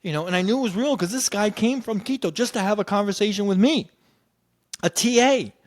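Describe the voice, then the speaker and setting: A man in casual storytelling, animated and acting out what others said. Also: sits high, a little fast. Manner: animated, acts out quoted voices. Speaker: podcast guest telling his story.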